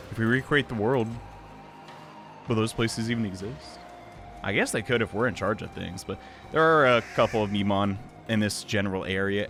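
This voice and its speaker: A man's voice: lowish voice, a bit bright. Wry, chatty let's play guy. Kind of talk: casual gameplay commentary.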